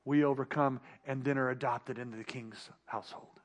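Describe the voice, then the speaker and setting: A pastor delivering a sermon, building emphatic rhetorical questions and repeated refrains. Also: male voice, medium pitch, steady tone, normal speed. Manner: emphatic preaching.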